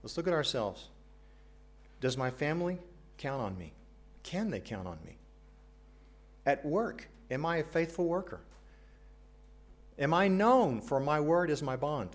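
A man's voice: on the high side, animated, measured pace, long pauses. An American man preaching a sermon to a congregation, earnest, asking questions and adding light jokes. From United States. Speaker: pastor.

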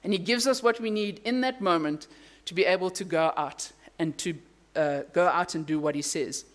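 A pastor gives a sermon in a mid-pitched voice. Big words jump up in pitch, and key lines drop to a hushed, quiet tone. Casual asides and self-corrections keep the sermon conversational. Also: normal speed. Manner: animated storytelling with emphatic rises and hushed drops.

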